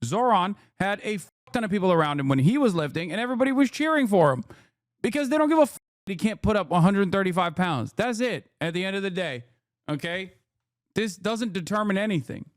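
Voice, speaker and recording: A man's voice: high voice, animated, fairly quick, dry recording, studio quality. A man streamer reacting to a video clip in heated, profane rants. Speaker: streamer commentator.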